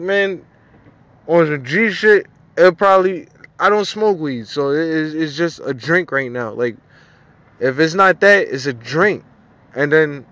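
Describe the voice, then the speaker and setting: A man's voice: fairly high pitch, a bit bright, dull audio. A young man venting in a casual vlog monologue, frustrated and profane, repeating himself. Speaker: vlogger.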